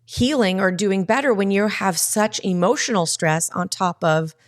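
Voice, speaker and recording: A woman guest on a podcast, telling a personal story in a casual, lively way and acting out the quoted dialogue. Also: medium pitch, moderate pace.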